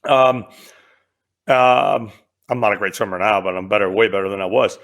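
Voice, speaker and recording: Animated middle-aged man telling stories. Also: fairly low pitch, moderate pace, gravelly. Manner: animated storyteller, acts out quotes. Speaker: podcast guest, military veteran. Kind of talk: casual storytelling.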